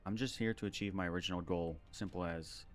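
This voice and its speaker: A battered female android doll, calm and defiant, with a quietly mocking edge, voiced by a man reading game dialogue on stream. The voice sits deep and low. Her words come steady and unhurried. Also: soft background music, close to an everyday voice.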